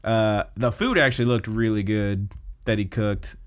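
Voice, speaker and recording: A man's voice: on the low side, moderate pace, smooth. A man co-hosting a podcast, casually recapping anime episodes in a chatty way and acting out the characters' lines. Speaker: podcast co-host.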